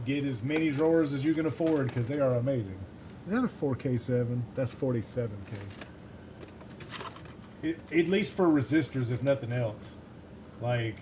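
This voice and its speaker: A man with a soft Southern US accent talks in a loose, rambling way as he works on a livestream. He chuckles at himself often. His voice sits at an ordinary middle pitch, with a faint hum of room noise behind him. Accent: Southern US, mild Mississippi. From Mississippi, USA. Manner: rambling, chuckling, self-deprecating. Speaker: livestreamer building a synth module. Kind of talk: casual livestream chat while soldering.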